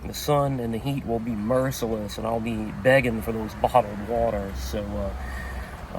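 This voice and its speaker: A man narrating a relaxed travel vlog outdoors, filmed on a handheld camera. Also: medium pitch, a little hiss or hum. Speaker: vlogger. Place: outdoors at a car show and on the road.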